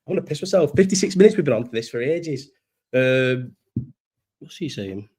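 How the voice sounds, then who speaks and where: A man's voice: mid-range voice, animated, moderate pace, a little mellow, slightly rough. A young man, chatting casually and rambling on a live stream, swearing and laughing often. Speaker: livestream host. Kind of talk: casual chat reading live chat.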